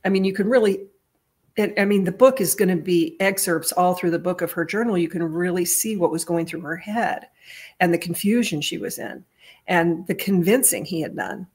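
A woman with a fairly low voice tells a personal story in a casual monologue. She talks earnestly and rambles, restarting her sentences often, and her voice lifts whenever she reaches the emotional parts. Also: moderate pace, a little mellow, breathy edge. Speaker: vlogger retelling a family story.

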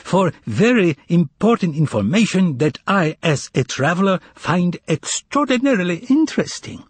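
A man's voice: high-pitched, big pitch swings, normal speed, husky, dry recording, pitched above the performer's own voice, heavily acted. A man reading an audiobook voices an eccentric, overly polite male foreign stranger with a put-on foreign accent, drawing out his exclamations. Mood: delighted.

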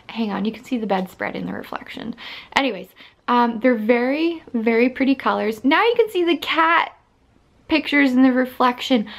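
A woman's voice: a little high, gravelly. A woman in her thirties chatting casually to camera in her bedroom as a vlogger, filling her talk with fillers and small laughs. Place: bedroom at home.

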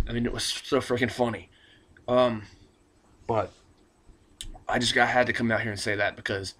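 A man ranting in a casual webcam vlog, rambling and excitable, stumbling over his words, recorded on a built-in laptop mic indoors at home. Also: medium pitch, normal speed, pauses often. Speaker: wrestling vlogger.

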